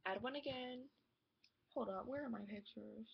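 A teenage girl telling a rambling, excited storytime vlog, gushing and full of "like" and "oh my god". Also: a little high, moderate pace, creaky, slight background noise. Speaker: vlogger. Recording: dull lo-fi home video audio.

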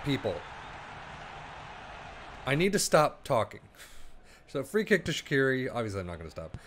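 A man casually commenting on his own football management game as he plays, thinking aloud and breaking into quick play-by-play. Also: fairly high pitch, very animated, a little hiss or hum. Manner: chatty, rambling, thinks aloud, bursts into play-by-play. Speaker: gaming YouTuber.

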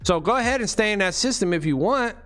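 A man's voice: sits high, lively intonation, fast talker, fairly bright tone, soft background music. Profane, emphatic man ranting. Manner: profane, emphatic, street slang. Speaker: vlogger. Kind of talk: casual ranting monologue.

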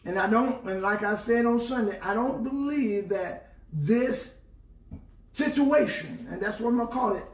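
A pastor with a Southern US accent teaches a Bible study and preaches in church, repeating phrases for emphasis. His voice is high-pitched, reverberant, and far from the mic.

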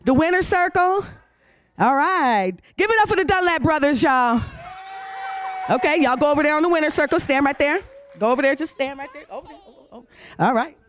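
A woman hosts a youth talent show, her voice sitting high. She is animated and cheering, calling names out loud as she waves each child up to collect an award. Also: a little fast, noisy background. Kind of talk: lively emcee handing out awards. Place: congregation hall.

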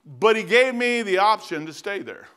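Folksy, animated preacher man. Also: sits high, moderate pace, clean tone. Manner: animated, folksy storytelling with bursts of emphasis; casual, plain-spoken preaching. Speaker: pastor. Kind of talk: sermon. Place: church sanctuary.

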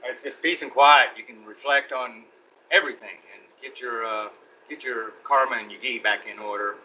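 Middle-aged Texan man, rambling guest storyteller, sharp bright voice, slightly muffled podcast audio. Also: mid-range voice, normal speed, a little hiss or hum. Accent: Texan Southern. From East Texas. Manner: chatty, rambling, laughs between anecdotes. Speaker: guest actor. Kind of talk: casual interview storytelling.

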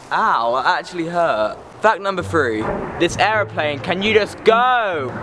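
A man's voice: sits high, very animated, slow, background noise. Sarcastic teenage boy vlogging. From England. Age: teens. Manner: sarcastic, rambling, easily distracted. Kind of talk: casual chat to camera. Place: outdoors.

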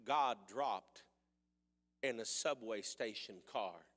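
A man with a Missouri accent preaching a sermon in folksy rural speech, swinging from quiet storytelling to shouted preaching. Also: mid-range voice, slow, big-room sound.

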